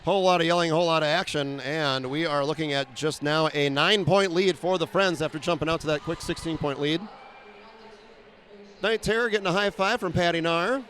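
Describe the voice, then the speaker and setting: A man calling a roller derby bout play by play, quick and wry, with frequent fillers and self-deprecating asides. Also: fairly high pitch, a bit bright. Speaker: play-by-play announcer. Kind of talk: live sports commentary.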